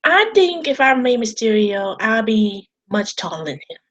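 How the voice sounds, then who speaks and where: A woman's voice: fairly high pitch, very animated, normal speed, low-quality recording. A woman talking casually to camera about wrestling, rambling and repeating herself, emotional and swearing at times. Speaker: wrestling vlogger. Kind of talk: casual vlog talk.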